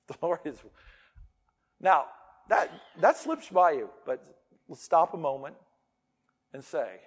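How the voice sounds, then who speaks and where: High, lively preaching man. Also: takes it slowly, long pauses. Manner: emphatic, swings between loud declarations and quiet asides. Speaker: pastor. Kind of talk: sermon.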